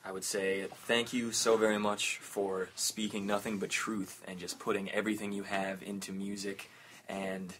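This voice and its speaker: A man with a low but bright, forceful voice speaks earnestly as a band guest on a podcast. Faint noise and room ambience sit behind him. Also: flat delivery, moderate pace. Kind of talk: casual chat.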